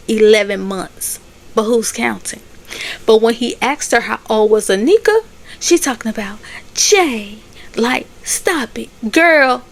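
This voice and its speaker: A woman's voice: a little high, creaky. A woman giving a sassy, chatty casual recap of TV episodes. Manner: sassy, chatty, laughs at the drama. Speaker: recap host.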